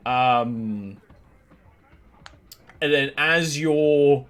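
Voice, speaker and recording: A man's voice: mid-range voice, extremely slow, a bit bright. A man running a tabletop game as game master, describing scenes in a rambling way with many fillers.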